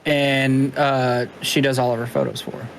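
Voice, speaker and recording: A man's voice: medium pitch, flat delivery, moderate pace, a little hiss or hum. A man co-hosting a podcast in casual chat, chatty and swearing casually. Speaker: podcast co-host.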